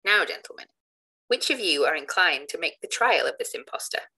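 A woman reading a calm, plain-spoken male skeptic who argues in a measured, lecturing way. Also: low voice, husky, full character voice, low-quality recording.

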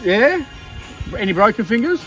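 A man's voice: high voice, sing-song, moderate pace, a bit bright, faint music behind. An Australian man in his thirties, filming a casual campsite vlog with mates, teasing and laughing a lot. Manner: jokey, teasing, laughs often. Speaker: vlogger. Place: campsite outdoors at night.

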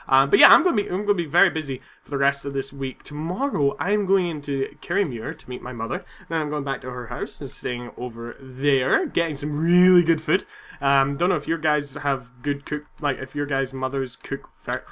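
A young man giving excitable let's-play commentary, swearing and yelling at the game. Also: fairly high pitch, normal speed. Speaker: gaming YouTuber.

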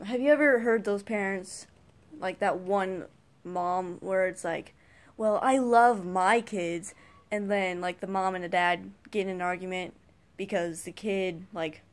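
A woman's voice: mid-range voice, steady tone, measured pace, pauses often. A teenage girl vlogging a casual rant to camera, rambling and sighing as she complains. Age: teens. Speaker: YouTube vlogger.

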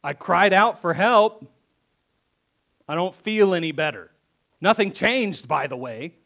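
In church, a male pastor preaches a conversational sermon, reading verses aloud and then acting them out with emphatic repetition. His high voice is expressive, slow, gravelly and a bit bright.

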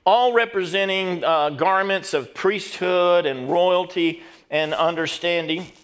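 High-pitched pastor preaching. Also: male voice, slow, fairly bright tone, clear, resonant tone. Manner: preaching with call-and-response to the congregation. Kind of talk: sermon.

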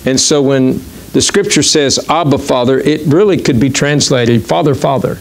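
Gravelly-voiced male pastor preaching. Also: medium pitch. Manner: conversational, halting with many fillers and restarts. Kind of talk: sermon. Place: church.

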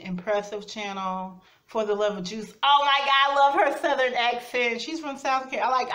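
A woman eating-show vlogger talks straight to camera from her kitchen at home. She rambles loosely from one thought to the next and fills the gaps with plenty of "uh" and "yeah". Her voice sits at an ordinary middle pitch for a woman. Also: fairly bright tone. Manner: rambling, chatty, many fillers. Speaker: mukbang vlogger. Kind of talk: casual chat to camera.

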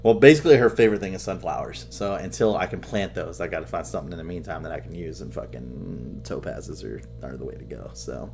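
A man's voice: sits low, quick pace, gravelly, few pauses, a little hiss or hum. Profane laughing young man chatting. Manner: profane, animated, laughs a lot. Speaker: podcast co-host. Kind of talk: casual gaming chat.

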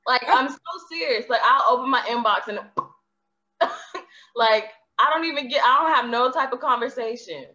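A blunt, frank woman co-hosting a casual podcast chat, laughing through her points. Her voice is fairly high and bright, and the recording sounds dull and muffled. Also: moderate pace. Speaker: podcast co-host.

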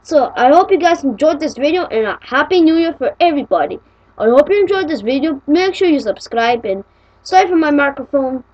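Woman vlogger, high lively voice, excitable and complaining, casual cartoon narration. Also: muffled recording. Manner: excitable, complaining, quick to get annoyed. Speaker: channel creator.

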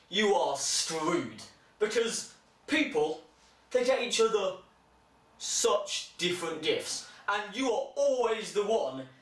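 Young male comic, very high and lively voice, sarcastic rants, echoey room with a distant mic. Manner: sarcastic, jumps into shrill mocking put-on voices. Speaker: comedian. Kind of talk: stand-up style comic monologue.

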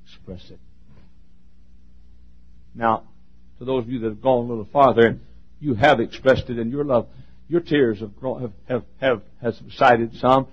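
A man preaching a sermon as a pastor, impassioned, joking now and then, dropping from shouts to near whispers. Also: medium pitch, fairly even intonation, normal speed, long pauses, slightly rough, highs cut off. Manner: joking asides.

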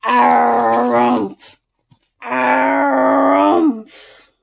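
A woman's voice: on the high side, fairly even intonation, very slow, creaky, full character voice. A woman doing a grumpy bellowing bison. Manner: bellowing grunts. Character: huge grumpy male bison.

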